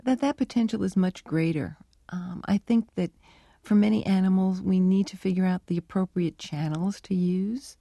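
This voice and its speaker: Gravelly, mellow-voiced woman telling stories. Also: mid-range voice, normal speed, dry recording. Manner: thoughtful, anecdotal, acts out remembered dialogue. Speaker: animal researcher, interview guest. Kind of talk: radio interview, storytelling answers.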